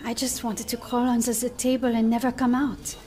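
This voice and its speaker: A shy young engineer speaks in a high, soft voice, stumbling and restarting as she searches for words, as an actress plays her. She is earnest and gentle rather than bold. A scene from a game cinematic. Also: level tone, brisk, natural voice. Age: young adult. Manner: hesitant, stammering, gentle.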